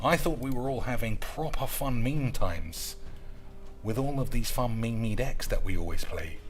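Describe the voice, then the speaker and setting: A man live-streaming a card game, bantering sarcastically with his chat and swearing freely. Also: medium pitch. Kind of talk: casual live-stream chat while gaming.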